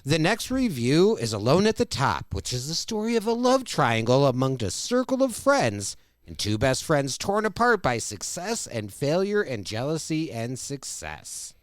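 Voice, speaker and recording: A man's voice: on the high side, sing-song, normal speed, dry recording. A man co-hosting a podcast, recapping an episode's plot and quoting its lines. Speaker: podcast co-host.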